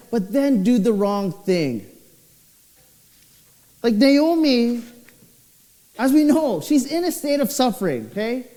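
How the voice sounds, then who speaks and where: Expressive young man preaching in a reverberant church. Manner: expressive storytelling, voice swinging low and high. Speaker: pastor. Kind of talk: sermon. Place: church hall. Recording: church hall with long reverb.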